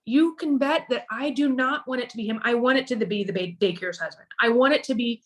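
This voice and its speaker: A middle-aged woman, a podcast guest, telling a personal story in an emotional, halting way, with many restarts and repeated words. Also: on the high side.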